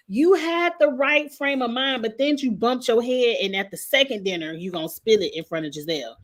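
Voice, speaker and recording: A woman's voice: a little high, lively intonation, brisk, few pauses. Sassy gossiping woman in her forties. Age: 40s. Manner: gossipy, sassy, talks straight to the people she discusses. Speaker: reality TV recap host. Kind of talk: casual recap commentary.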